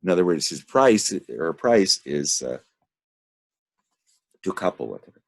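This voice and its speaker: A man's voice: sits low, big pitch swings, a little slow, vocal fry, long pauses, dry recording. A man leading a study group, reading a text and commenting on it in a rambling manner, thinking aloud.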